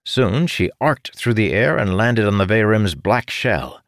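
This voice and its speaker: A man reading a fantasy story aloud in scripted, measured narration. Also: fairly low pitch, sing-song, no room sound, clean studio sound. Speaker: audiobook narrator.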